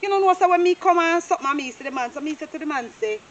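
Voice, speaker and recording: A Jamaican woman acting a nosy, talkative female surveyor who gossips freely and is quick to apologise, in a low-budget drama. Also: lively intonation, a bit bright, lo-fi sound. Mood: gossipy. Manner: gossiping, chatty, dramatic retelling. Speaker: property surveyor.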